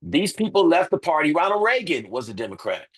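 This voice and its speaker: A man's voice: a little high, very animated, fairly quick, husky, low-quality recording. A man as an interview guest, making his case emphatically with rhetorical questions and repeated points. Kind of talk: impassioned interview talk.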